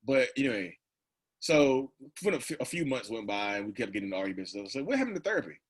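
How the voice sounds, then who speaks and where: A man's voice: on the low side, fast talker. A man in his thirties talking casually as a podcast guest, rambling with lots of "like" and "you know" and laughing often. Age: 30s. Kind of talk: casual conversational storytelling.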